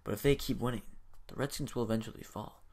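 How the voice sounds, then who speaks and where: A young man hosting his own video, making casual sports predictions with hyped, energetic bursts. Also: medium pitch, quick pace. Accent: says he has a strange accent. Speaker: video host.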